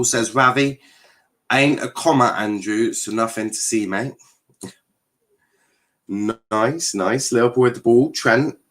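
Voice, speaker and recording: Sweary young football streamer. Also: male voice, on the low side, a bit bright. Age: young adult. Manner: sweary, jokey, reads chat aloud. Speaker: watchalong streamer. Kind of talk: casual live football commentary.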